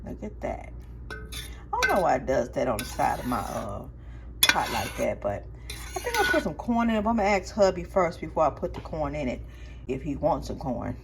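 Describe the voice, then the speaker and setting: A woman's voice: deep voice, huge pitch swings, brisk, gravelly, heavy background noise. A woman talking casually through her home cooking, step by step, as a regular cooking vlogger. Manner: chatty, talks viewers through each step. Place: home kitchen. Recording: kitchen clatter of pots and dishes behind.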